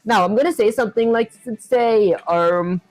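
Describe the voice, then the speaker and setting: A man's voice: high voice, normal speed, dry recording. A man live-streaming while he codes, thinking aloud with lots of fillers and reading viewer chat aloud to answer it. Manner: thinks aloud, says "honestly" and "that said" often, filler-heavy.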